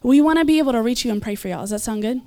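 A woman's voice: a little high, expressive, rapid-fire, mellow. A woman preaching and leading prayer at a church gathering, earnest and encouraging, with small asides and laughs. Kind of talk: sermon and altar call.

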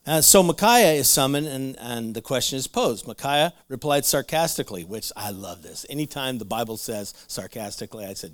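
A man's voice: fairly high pitch, animated, normal speed, fairly bright tone, no echo, studio quality. A man preaching a conversational sermon, retelling Bible stories with playful asides and laughs. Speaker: pastor.

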